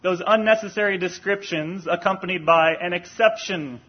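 A man preaching a sermon in an earnest, deliberate way, rising for emphasis on key points. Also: high voice, breathy edge, lo-fi sound.

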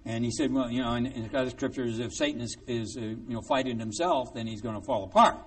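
A man preaching a sermon in a lively, conversational way, with joking, sarcastic asides. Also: mid-range voice, fast, vocal fry, recorded from a distance.

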